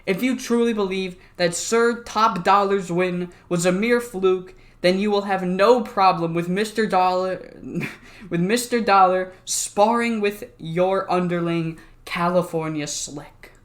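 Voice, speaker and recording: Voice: mid-range voice, slow pace, close to an everyday voice. A YouTuber putting on a goofy mock-British voice for a pompous male wrestler who acts like a king. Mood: haughty. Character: pompous fake-royal male wrestler leader. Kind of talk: reading a made-up wrestling promo.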